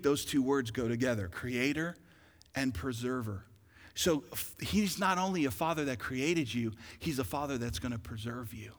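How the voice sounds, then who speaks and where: A pastor in his forties preaching a sermon, swinging from loud urgent calls to quiet intimate asides. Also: fairly high pitch. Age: 40s. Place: large church hall. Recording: long hall reverb.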